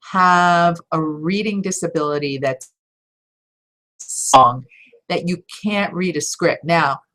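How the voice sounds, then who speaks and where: A woman voiceover coach answering viewer questions in a live Q&A, direct and encouraging, with emphatic stresses and quick laughs. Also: lowish voice, a bit bright. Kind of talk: live Q&A teaching talk.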